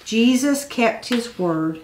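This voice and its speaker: A woman reading a picture book aloud to children, expressive, with dramatic pauses. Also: a little high, a little hiss or hum. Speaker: children's storyteller.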